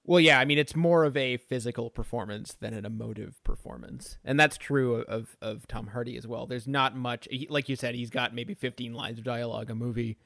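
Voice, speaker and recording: A man co-hosting a podcast, casually explaining his view on a film and softening his points. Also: medium pitch, steady tone, a little fast, creaky, hardly any pauses, no echo, studio quality. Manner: conversational, hedging. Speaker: podcast co-host.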